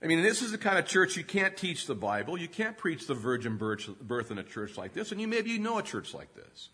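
A man's voice: a little high, big pitch swings, fairly quick, pushed and bright, slightly rough. A man in his fifties preaching a sermon, telling humorous self-deprecating stories and often laughing mid-sentence. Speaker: pastor.

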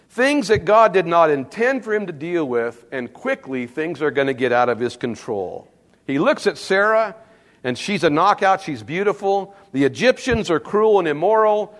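A middle-aged man preaches a sermon in a notably high voice that swings widely up and down. He tells stories with plenty of humor and animated delivery. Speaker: pastor.

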